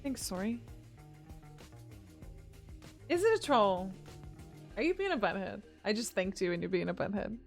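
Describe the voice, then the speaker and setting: A woman's voice: medium pitch, animated, normal speed, pauses often, faint music behind. A woman streaming a video game and chatting casually with her viewers, giggly and teasing. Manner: chatty, giggly, answers chat. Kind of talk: casual live-stream chat.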